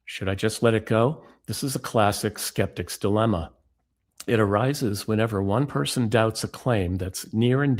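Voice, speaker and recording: A man giving a lecture as author and speaker, reading book excerpts in a measured, deliberate way. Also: lowish voice.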